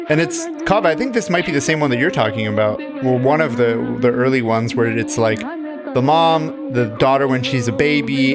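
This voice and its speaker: A man's voice: mid-range voice, lively intonation, brisk, music in the background. A man co-hosting a casual film podcast, retelling movie scenes and acting out the characters' lines as he goes. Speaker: podcast co-host.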